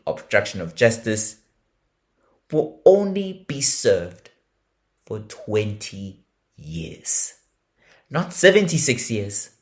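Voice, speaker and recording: A man hosting a true-crime podcast, narrating a case with emphatic indignation and free swearing. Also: mid-range voice.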